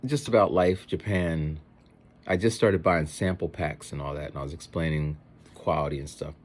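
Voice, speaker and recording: Rambling husky man with a low voice. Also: normal speed. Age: adult with children. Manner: rambling, animated, mimics other people's voices in quotes. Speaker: vlogger. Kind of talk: casual eating vlog monologue. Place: home, eating a meal.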